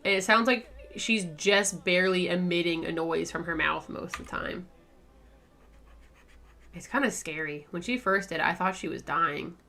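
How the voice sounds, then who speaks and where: Woman art streamer, casual rambler, bright tone, low-ish pitch. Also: moderate pace, gravelly. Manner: rambling, chatty, lots of likes and laughs. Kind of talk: casual chat while drawing on stream.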